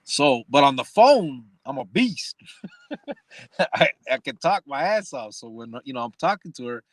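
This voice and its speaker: Dude telling jail stories on a podcast, cussing, laughing a lot, dry mic. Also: male voice, mid-range voice, very animated, normal speed, no room sound. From Arizona. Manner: profane, joking, laughs often. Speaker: podcast host. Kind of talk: casual storytelling chat.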